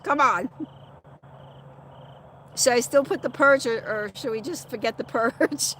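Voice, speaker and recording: A middle-aged woman hosts a relaxed livestream, talking straight to her viewers and laughing often. Her voice sits a little high for a woman, and a faint hum of noise runs underneath. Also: a little slow, long pauses. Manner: chatty, laughs often, talks back to commenters by name. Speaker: livestream host reading viewer chat. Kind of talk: casual livestream chat.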